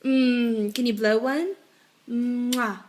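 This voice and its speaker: A woman's voice: fairly high pitch, steady tone, very slow, darkish tone. A young mother at home talking to her toddler in a sing-song, coaxing voice and laughing often, recorded on a home video camera. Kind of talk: playful talk to a toddler. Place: family home.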